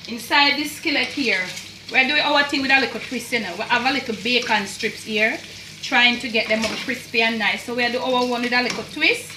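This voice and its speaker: On the high side and a little fast, a Jamaican home cook chats through a casual cooking demo against a noisy background, repeating phrases and mixing in creole. Her echoey kitchen recording is distant from the mic, with frying and a sizzling pan behind her.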